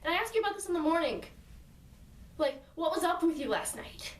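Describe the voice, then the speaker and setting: A woman's voice: extremely high pitch, animated, fairly quick, distant mic. A woman telling a friend a story in a casual, rambling way, full of "like" and "and so" asides. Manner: chatty, rambling with many "like" and "and so" asides. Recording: roomy sound from away from the mic.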